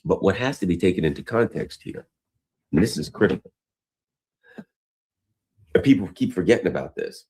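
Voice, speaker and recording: Low, husky man giving rambling commentary. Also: expressive, moderate pace, long pauses, a little mellow. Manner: rambling, storytelling, frequent restarts. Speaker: news commentary host. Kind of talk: casual commentary.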